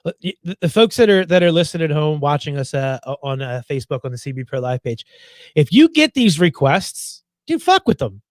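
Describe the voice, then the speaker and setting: Lively sarcastic man telling stories. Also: a little high, brisk, dry recording, studio quality. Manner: sarcastic storyteller, swears freely, acts out quotes. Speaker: podcast co-host. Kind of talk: casual comedic chat.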